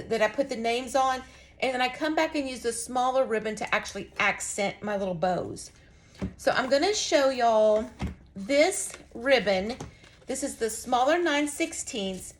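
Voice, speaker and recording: A woman walks viewers through a craft demonstration in a casual, folksy way. Her voice sits a bit on the high side, and a faint hiss of noise runs underneath. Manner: folksy, chatty, addresses viewers as y'all. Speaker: craft instructor.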